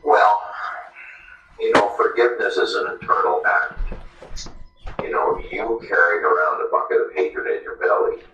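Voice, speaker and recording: Very deep-voiced man in an echoey room. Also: animated, moderate pace, pauses often, dull audio. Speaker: guest. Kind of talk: casual faith talk. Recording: echoey room, distant mic, clear background noise.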